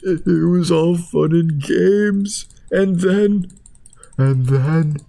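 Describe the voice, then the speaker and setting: Panicked male talking food, squeaky high whine, strained and thin; a man doing the voice. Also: drawn-out words, gravelly, warm tone, full character voice.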